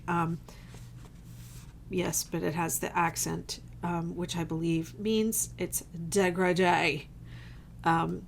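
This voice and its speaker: Woman, casual live-stream chat, rambling, gravelly, faint background noise. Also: lowish voice. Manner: rambling, chatty, many fillers. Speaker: crochet designer and channel host. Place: home craft room.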